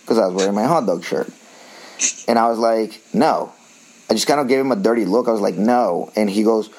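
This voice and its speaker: A man from Colombia, co-hosting a podcast and telling stories in a lively, laughing way. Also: fairly low pitch, fast, creaky, low-quality recording. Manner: animated, laughing, acts out quoted people. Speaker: podcast co-host. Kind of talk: casual storytelling chat.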